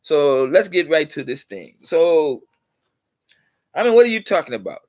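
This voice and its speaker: At a moderate pace, a middle-aged man who hosts a channel delivers a meandering lecture to his viewers, going over the same ground and turning lively to stress a point. His voice is somewhat high for a man, and the sound is close and dry with no echo.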